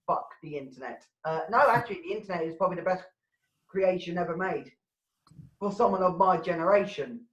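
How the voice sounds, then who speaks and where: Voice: mid-range voice, animated, fairly quick, echoey room, lo-fi sound. A comedy show host bantering casually over a video call, swearing freely with loose joking asides. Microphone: computer mic on a video call.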